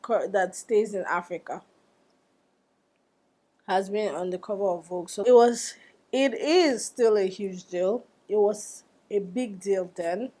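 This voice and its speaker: A young woman, a makeup artist telling a story in a casual vlog, animated and quick to exclaim. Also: medium pitch. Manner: animated, exclaiming and laughing, acting out quoted dialogue.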